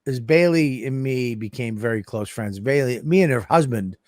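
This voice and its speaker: A man's voice: medium pitch, animated, moderate pace, darkish tone, dry recording, clean studio sound. A man co-hosting a podcast, rambling and cracking crude jokes. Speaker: podcast co-host. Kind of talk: casual podcast chat.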